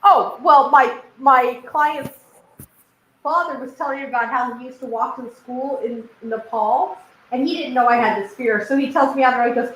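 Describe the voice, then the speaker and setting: A woman hosting a casual livestream chat, telling lively stories with frequent laughter and swearing. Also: high voice, normal speed, reverberant, slight background noise, low-quality recording. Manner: animated storyteller, swears and laughs often. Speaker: host.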